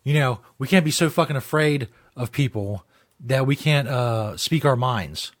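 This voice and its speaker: A man's voice: mid-range voice, lively intonation, unhurried. A man hosting a talk show, ranting bluntly and combatively with heavy profanity. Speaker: host. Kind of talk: opinionated talk show rant.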